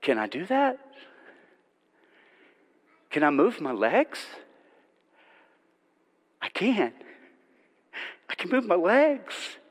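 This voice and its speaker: A man voicing a paralyzed man who asks in a hushed, disbelieving way whether he can really walk. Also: high voice, wildly swooping pitch, drawn-out words, pauses often, heavily acted. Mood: hushed disbelief.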